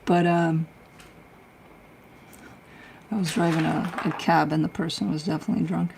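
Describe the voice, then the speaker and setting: This is a middle-aged woman with a low, gravelly voice, hosting a casual tarot livestream. She chats with her viewers in a blunt, easygoing way, swears freely and laughs often. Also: steady tone, moderate pace, background noise. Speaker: tarot reader and livestream host. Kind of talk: casual livestream chat, answering viewer comments.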